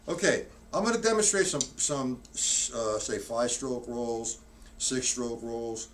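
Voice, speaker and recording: A man teaching drums on a live stream, rambling and correcting himself as he counts out loud. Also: medium pitch, measured pace, over loud music. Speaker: drum teacher. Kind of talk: live-streamed drum lesson. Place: practice room with a drum kit. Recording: distant mic, noisy room.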